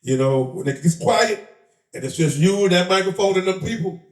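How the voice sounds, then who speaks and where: A rapper and comedian from the Bronx, New York, tells stories as a guest at a live interview event in a shop, his voice high, animated, and fairly quick. Streetwise and laughing, he acts out the voices of the people involved. The sound is roomy and he's a bit far from the mic.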